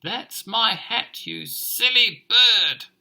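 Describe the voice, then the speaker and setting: A man voicing a cross, fussy woman who loves her hats, shouting in a shrill, exaggerated storybook way. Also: sing-song, takes it slowly, creaky, full character voice.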